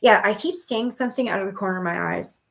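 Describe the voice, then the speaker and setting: A woman's voice: medium pitch, fast talker, gravelly. Chatty reassuring woman hosting a live stream. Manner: warm and reassuring, calls viewers honey and sweetheart; chatty with frequent restarts and fillers. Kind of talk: casual live-stream chat.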